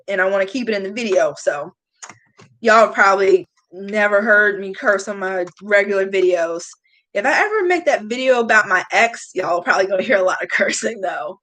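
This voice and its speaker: A young woman hosting a long livestream, chatting casually and answering viewer comments with candid, animated reactions. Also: moderate pace, low-quality recording. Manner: chatty and candid, swings up high when greeting viewers. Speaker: beauty vlogger hosting a livestream.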